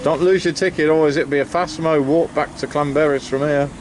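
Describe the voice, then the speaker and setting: A man's voice: on the high side, steady tone, a little fast, slight background noise. A man narrating a family campervan trip in a casual, practical way, joking lightly with his children. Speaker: family travel vlogger.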